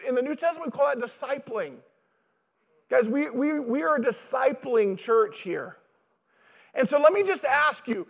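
Male pastor with a very high voice, preaching in a conversational style to the congregation. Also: creaky. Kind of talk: sermon.

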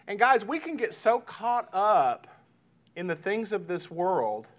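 A pastor in his thirties preaching to his congregation. His voice sits a little high for a man, and he keeps things casual, often calling the room "guys" and slipping into lively retellings of talks with his kids. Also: slow. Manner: conversational, addresses congregation as "guys"; retells family talk with lively voiced asides. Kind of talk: sermon.

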